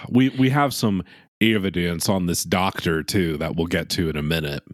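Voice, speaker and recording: A man's voice: low-pitched, normal speed, no room sound, studio quality. A young man co-hosting a podcast, sarcastic and swearing casually. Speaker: podcast co-host. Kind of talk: casual chat recapping a reality show.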